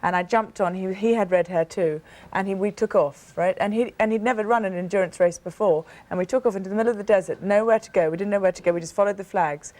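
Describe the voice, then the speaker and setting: A British woman in her thirties speaks in a mid-range, darkish voice as a talk show guest. She tells personal stories in a TV interview, pressing her points earnestly and often restarting her sentences.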